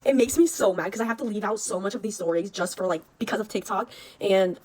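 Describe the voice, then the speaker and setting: A young woman rattles through a story time, cursing freely and throwing herself into the quoted shouts. Her voice sits at an ordinary middle pitch. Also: fast talker. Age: young adult. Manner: animated, swears a lot, acts out shouts.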